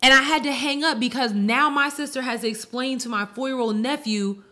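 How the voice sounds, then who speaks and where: A woman's voice: sits high, fairly even intonation, moderate pace, pushed and bright. A woman co-hosting a podcast in casual chat, weary and exasperated, who repeats herself. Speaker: podcast co-host.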